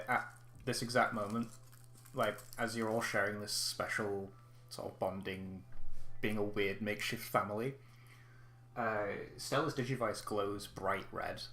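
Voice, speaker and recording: A man's voice: on the low side, pushed and bright, reverberant. A man narrating as game master of a tabletop game, rambling with many fillers.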